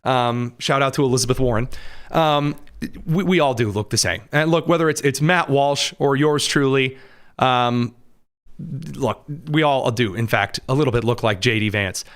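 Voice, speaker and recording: A man's voice: mid-range voice, normal speed, fairly bright tone, clear, resonant tone. An American man from the Midwest hosts a talk podcast in a casual, chatty commentary voice. He talks animatedly, throws in sarcastic asides and leans on plenty of ums and uhs. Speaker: podcast host.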